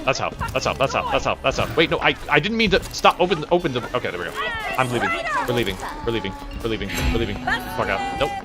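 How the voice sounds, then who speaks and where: A man streaming a game live, rambling and swearing as he reacts and chats with viewers. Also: medium pitch. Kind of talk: casual live gameplay commentary.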